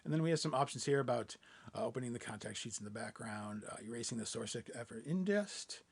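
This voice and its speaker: A man walking viewers through a software demo in a webinar, relaxed and thinking aloud with lots of fillers. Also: mid-range voice, fast talker, vocal fry, husky. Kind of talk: screen-share webinar demo.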